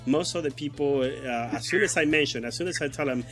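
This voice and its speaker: A man's voice: fairly high pitch, a little fast, fairly bright tone, soft background music. A man hosting a casual interview, talking conversationally and asking long, winding questions. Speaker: host.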